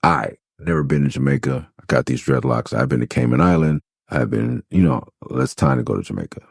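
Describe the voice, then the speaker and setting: A man from Los Angeles hosting a podcast, telling rambling, profane stories in a casual, animated way. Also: rumbling low, fairly quick, gravelly, slightly rough, no room sound, clean studio sound. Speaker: podcast host. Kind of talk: casual storytelling.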